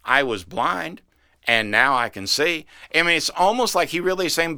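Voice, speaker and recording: A man's voice: on the high side, moderate pace, bright, forceful tone, smooth, dry recording, clean studio sound. A man, a pastor, giving a short podcast sermon, reading scripture and breaking into folksy, slangy asides.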